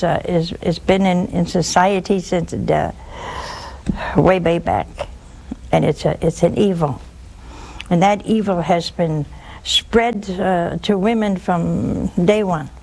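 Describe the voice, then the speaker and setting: A woman's voice: on the low side, takes it slowly, vocal fry, darkish tone. A woman hosting a religious call-in show, preaching emphatically and repeating key words for force. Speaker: religious TV host taking calls.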